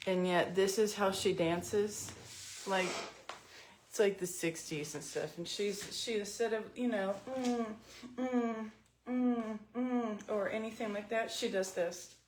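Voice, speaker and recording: Slow, chatty woman telling stories at home. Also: mid-range voice, steady tone, slight background noise. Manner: chatty, self-mocking storyteller. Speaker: vlogger doing makeup. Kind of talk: casual storytelling vlog.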